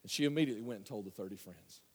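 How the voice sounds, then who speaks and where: A man preaching a sermon, telling the story in a folksy way and swinging from loud to hushed. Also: fairly low pitch, very fast. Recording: long hall reverb.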